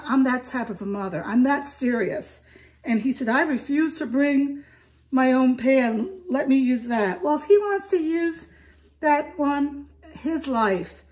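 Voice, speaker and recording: An older woman chatting to camera in her home kitchen, rambling and lively as she cooks. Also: a little high, recorded from a distance. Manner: chatty, rambling, talks to camera while cooking. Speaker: home cook vlogger. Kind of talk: casual cooking vlog.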